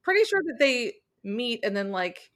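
A woman's voice: fairly high pitch, big pitch swings, normal speed, fairly bright tone. A woman co-hosting a casual book podcast. She lays out her views thoughtfully, with lots of likes and ums. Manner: thoughtful, opinionated, many fillers. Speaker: podcast co-host. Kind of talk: casual book club chat.

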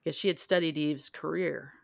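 Low-voiced woman hosting a chatty book talk. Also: fairly even intonation, vocal fry, dry recording, studio quality. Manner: halting, many fillers. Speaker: podcast host. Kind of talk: casual book-club chat.

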